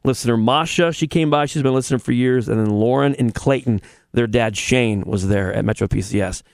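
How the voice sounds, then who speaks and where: A man's voice: mid-range voice, brisk, gravelly, dry recording, studio quality. A man hosting a radio show in a casual, rambling chatty way, with restarts. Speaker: radio host.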